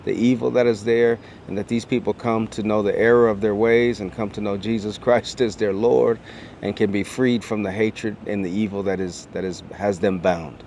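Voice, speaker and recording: Talking at a normal pace with fairly low pitch and fairly even intonation, this middle-aged educator has a somewhat mellow tone, with slight background noise. Earnestly addressing the camera with a personal story, he builds intensity preacher-style through repeated phrases.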